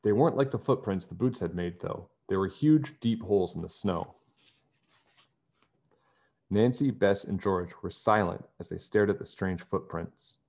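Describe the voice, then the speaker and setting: A man with a deep voice reads a children's chapter book aloud. He tells it in a friendly, expressive way. The recording is dull and lo-fi. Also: moderate pace, gravelly. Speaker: storybook reader.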